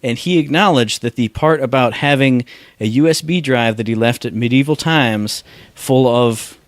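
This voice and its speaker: A man co-hosting a casual podcast, joking and mocking people in squeaky put-on voices. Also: normal speed, no room sound. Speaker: podcast co-host. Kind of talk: casual chat.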